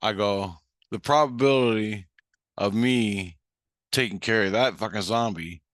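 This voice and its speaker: A man's voice: fairly low pitch, a little slow, no echo, studio quality. A man rambling in a profane, ranting monologue. He acts out both sides of a conversation as he tells it. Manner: profane, ranting, animated retelling. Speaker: vlogger.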